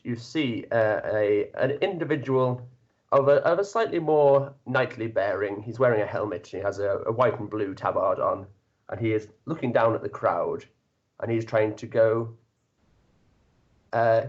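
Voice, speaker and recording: A man's voice: fairly low pitch, unhurried, muffled recording. A man narrating a tabletop game as dungeon master, describing scenes with lots of hesitations. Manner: lively, animated narration with hesitations.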